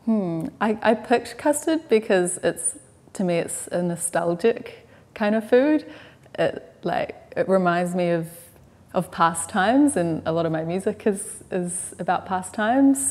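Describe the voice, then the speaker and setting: A woman's voice: lowish voice, expressive, unhurried, darkish tone. A young woman, musing hesitantly as a musician guest, full of likes and ums. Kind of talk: relaxed interview chat.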